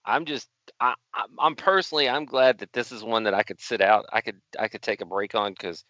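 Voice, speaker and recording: A man co-hosting a casual chat, dry and sarcastic, with halting restarts. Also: lowish voice, bright, forceful tone, dry recording. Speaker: podcast co-host. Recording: slightly dull, lo-fi sound.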